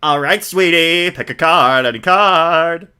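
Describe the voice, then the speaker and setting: A man's voice: on the high side, a little slow, pushed and bright, smooth, pitched above the performer's own voice. A man voicing a vain, flamboyant male stage magician in a video game, theatrical and smarmy. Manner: theatrical, drawls "sweetie", showy.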